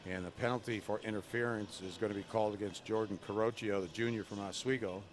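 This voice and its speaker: A man doing relaxed, chatty live play-by-play of a college women's hockey game at a rink. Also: fairly low pitch, fast talker. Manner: relaxed, chatty, jokes with the camera person between plays. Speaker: play-by-play announcer.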